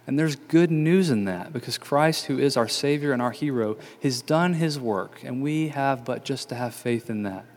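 A man preaching a sermon in an earnest, measured way, repeating key phrases for emphasis. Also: mid-range voice. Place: church sanctuary. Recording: long church reverb.

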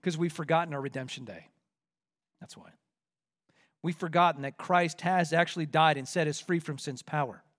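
High-voiced man preaching. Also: normal speed, pauses often. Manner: rhetorical questions, rising to forceful emphasis. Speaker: pastor. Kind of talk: sermon.

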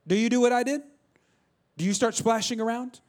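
A middle-aged man preaching a sermon, telling a story in an animated way and calling out to the congregation. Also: extremely high pitch, brisk. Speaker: pastor.

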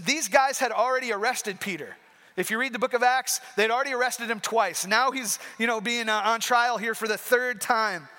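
High, bright-voiced preacher. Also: male voice. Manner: emphatic, repeats key points. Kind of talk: sermon. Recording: reverberant hall.

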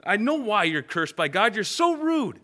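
An impatient man in a crowd brushes off a beggar in a raised, sharp voice, as a preacher puts him on. He sounds dismissive and bright. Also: high-pitched, very animated, normal speed, pitched above the performer's own voice, heavily acted. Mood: irritated.

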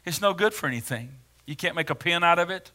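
A male pastor preaching a sermon in a dramatic way, swinging from hushed words to loud ones. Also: on the high side, animated, fast talker.

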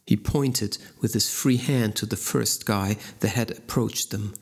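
Man, audiobook narrator, husky voice, unhurried. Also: lowish voice.

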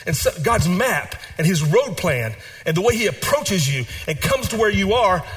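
A man preaching a sermon as pastor, repeating phrases and moving between hushed and animated delivery. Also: sits high, moderate pace, breathy edge.

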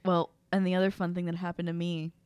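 A woman's voice: fairly low pitch, flat delivery, quick pace, darkish tone, clear, resonant tone, no room sound. Female co-host, casual storyteller, dry close-miked sound. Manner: chatty, laughs while telling stories. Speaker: podcast co-host. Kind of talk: casual chat.

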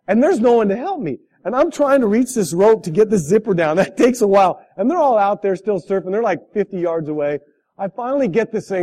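A man's voice: high voice, a little mellow. A man preaching a sermon, telling a story with laughs and asking the listeners direct questions. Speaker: pastor.

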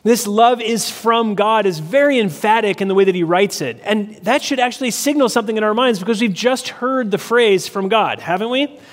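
A man's voice: high voice, expressive, a little fast. A man preaching an expository sermon as pastor, teaching step by step and repeating key phrases for emphasis. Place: church sanctuary. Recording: long hall reverb.

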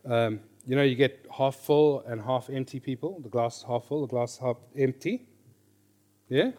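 A middle-aged man teaching a class on reading scripture. He is lively, questions his listeners, and repeats his key phrases. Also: medium pitch, normal speed. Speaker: Bible teacher.

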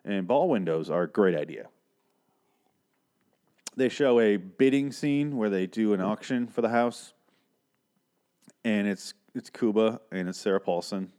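A man's voice: on the low side, unhurried, pauses often, a little mellow. A man hosting a podcast, recapping a TV episode in a casual, profane, sarcastic and rambling way. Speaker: podcast host.

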